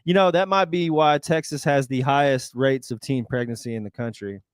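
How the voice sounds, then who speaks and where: A man's voice: medium pitch, moderate pace, slight background noise. A man co-hosting a podcast, chatting casually and rambling through his musings. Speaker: podcast co-host. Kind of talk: casual chat.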